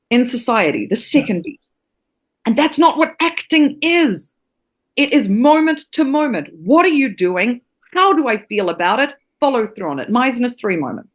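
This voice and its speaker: A woman from New Zealand, a podcast guest who teaches acting, talking with passion and emphasis and swearing freely. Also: on the high side. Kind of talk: podcast interview.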